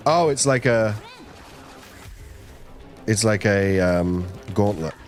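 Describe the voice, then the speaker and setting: A man's voice: fairly low pitch, takes it slowly, faint music behind. A young man streaming a game on a team channel, chatting casually with his viewers in a rambling, playful way and now and then slipping into silly voices. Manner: rambling, playful, talks to himself and chat, breaks into silly voices. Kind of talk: casual live-stream chat while gaming.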